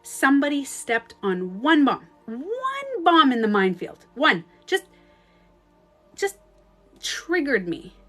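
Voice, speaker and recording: A Canadian woman coaching in a casual livestream talk, swinging into sudden loud outbursts. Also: sits high, huge pitch swings, unhurried, few pauses, soft background music. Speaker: life coach. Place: at home, streaming live. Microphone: phone.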